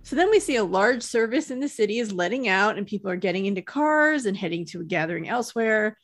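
A woman's voice: mid-range voice, expressive, fast, faint music behind. A woman co-hosting a podcast, casually retelling a TV episode and often laughing. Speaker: podcast co-host recapping a TV episode. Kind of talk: casual chat.

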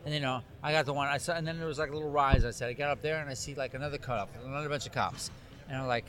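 A man, a photographer, telling an animated anecdote in casual chat, acting out the dialogue. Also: medium pitch, fast talker. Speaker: cycling photographer.

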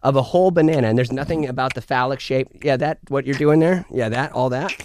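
A man chatting casually as a podcast guest, animated and jokey, cursing freely and getting loud when he plays up a bit. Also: mid-range voice, fast, slight background noise. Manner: animated, profane, jokey, swings loud for bits. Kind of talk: casual chat.

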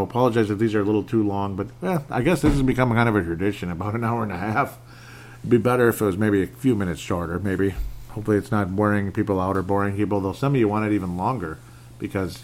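A man's voice: on the low side, quick pace, darkish tone. A man hosting his own podcast alone at a home microphone, rambling and self-deprecating, laughing often, with some audible lip smacking. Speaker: podcast host. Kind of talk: casual solo podcast monologue.

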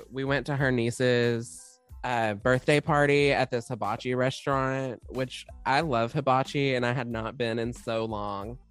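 Mellow-voiced young woman chatting. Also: very deep voice, clean tone, no echo. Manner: mellow, even tone, self-described. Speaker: podcast co-host. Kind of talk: casual chat.

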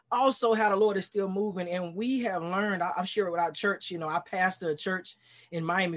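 A man who is a pastor, talking as a guest in a casual podcast interview, earnest and enthusiastic, often restarting and repeating his words. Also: high-pitched. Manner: talkative self-described extrovert.

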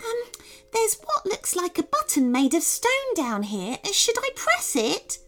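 A woman voicing a small, jumpy rabbit companion with a squeaky, excitable voice. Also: measured pace, heavily acted.

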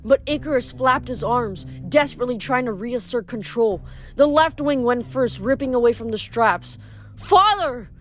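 A woman's voice: fairly high pitch, normal speed, faint music behind. A woman reading chapters of a novel aloud, often stumbling over words and restarting. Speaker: reader.

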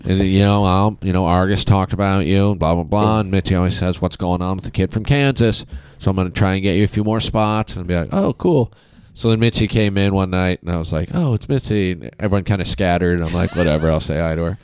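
A man's voice: low-pitched, level tone, fast, hardly any pauses, clean tone, no room sound. A man telling rambling anecdotes in a casual podcast chat, acting out the people he quotes. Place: podcast studio.

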